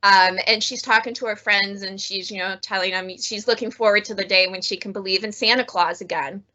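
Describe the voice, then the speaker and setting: Chatty bright-voiced woman librarian. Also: mid-range voice, fairly quick, muffled recording. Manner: chatty, laughs often, animated. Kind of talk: casual book review chat.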